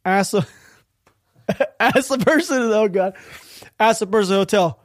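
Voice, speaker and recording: A man's voice: high-pitched, moderate pace, pauses often, no echo, clean studio sound. A man hosting a solo political podcast, ranting and sarcastic, swearing freely and laughing at the news. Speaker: podcast host.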